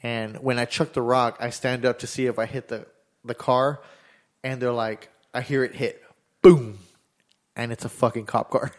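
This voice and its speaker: A man's voice: mid-range voice, little pitch movement, moderate pace. Young male storyteller, casual, profane, voices the other people in his story. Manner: rambling, swears freely, acts out dialogue.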